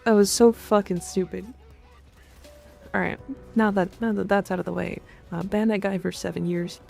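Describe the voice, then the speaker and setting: A woman streamer chatting casually while gaming, crude and excitable, swearing freely. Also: mid-range voice, moderate pace, gravelly, soft background music.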